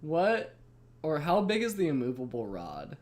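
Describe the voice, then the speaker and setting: A man's voice: fairly high pitch, huge pitch swings, unhurried, darkish tone. A man playing in a casual tabletop game, hesitant and full of questions. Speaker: player.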